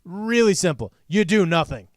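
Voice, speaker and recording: A man's voice: high-pitched, sing-song, normal speed, no echo, clean studio sound. A man co-hosting a sports podcast in casual chat, blunt and sarcastic, often mimicking fans.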